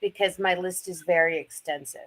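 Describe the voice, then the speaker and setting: A woman chatting casually as a panelist, eager and quick to jump in and correct the others. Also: lowish voice, fairly even intonation, fairly bright tone, poor audio. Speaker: podcast panelist. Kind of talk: casual chat.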